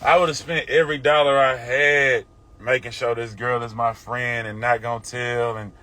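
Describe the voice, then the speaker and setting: This middle-aged host, whose Southern US accent is from Houston, delivers a blunt, profane, casual rant on a phone livestream. His medium-pitched voice is bright and forceful yet flat in delivery, at normal speed. There's faint background noise.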